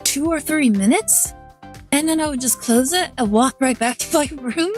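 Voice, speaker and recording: A woman with a fairly high voice chats on her stream, telling a long anecdote in a loose, rambling way. She talks straight into a desk mic with faint music playing underneath. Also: lively intonation, normal speed, a little mellow. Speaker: VTuber streamer. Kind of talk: casual stream chat.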